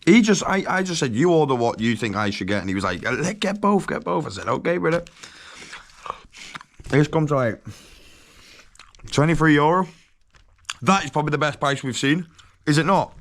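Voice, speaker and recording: A young man, chatting excitedly to camera on a travel vlog, slangy and laughing often. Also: a little high, normal speed, pauses often, no echo. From England. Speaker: travel vlogger. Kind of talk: casual vlog chat to camera. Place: glamping site outdoors.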